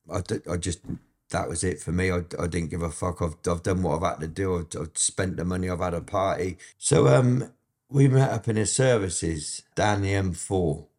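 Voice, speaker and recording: A man's voice: sits low, steady tone, normal speed, a little mellow. A man recounts his past in a sit-down interview. He talks bluntly and swears constantly, stumbling and restarting as he goes. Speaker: interview guest. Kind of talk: candid storytelling interview.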